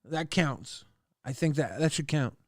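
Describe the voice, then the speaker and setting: A man hosting a casual livestream, reading viewer messages aloud and making joking, drawn-out hype announcements. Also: on the high side, lively intonation, no room sound, studio quality. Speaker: livestream host.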